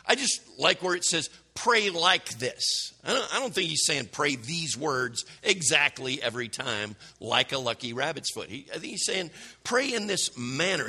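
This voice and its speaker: A man's voice: a little high, bright, forceful tone, husky. A man preaching a conversational sermon, full of rhetorical questions and self-corrections. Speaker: pastor.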